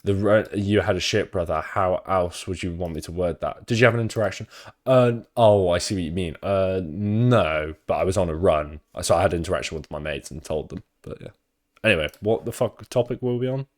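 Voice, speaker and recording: A man's voice: low-pitched, fairly quick. A young man with a British accent, chatting casually on stream, rambling through sweary anecdotes.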